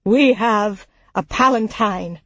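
A woman narrating voices a grief-stricken villager, his words strained and zealous. The delivery stays slow and measured in a dry, close recording. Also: mid-range voice, fairly bright tone, no room sound. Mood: grim. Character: grieving, fanatical village man, loud and strained.

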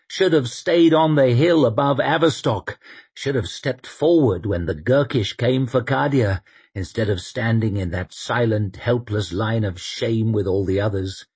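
Man, audiobook narrator, husky voice, mid pitch, steady dramatic reading. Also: unhurried. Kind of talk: scripted narration.

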